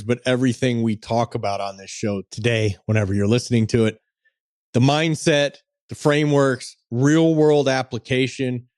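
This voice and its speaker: A man's voice: mid-range voice, darkish tone, no echo, clean studio sound. Upbeat chatty podcast co-host man. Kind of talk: casual podcast chat and ad read.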